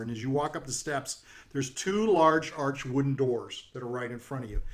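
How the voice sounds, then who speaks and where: A man narrating as game master of a tabletop role-play game, describing scenes in a relaxed way and chuckling often. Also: medium pitch.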